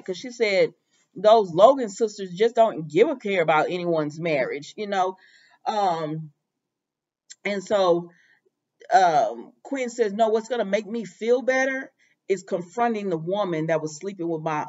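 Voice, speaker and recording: A woman casually recapping a soap opera episode, retelling scenes with quoted lines, many fillers and exasperated asides. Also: medium pitch. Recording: dull lo-fi audio.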